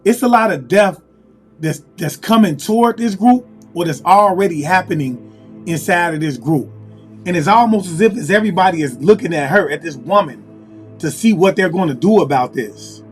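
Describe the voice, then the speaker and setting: High-voiced man doing a tarot reading. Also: animated, moderate pace, soft background music. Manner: musing, repetitive, calls on spirit. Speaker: tarot reader. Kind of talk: casual spiritual reading.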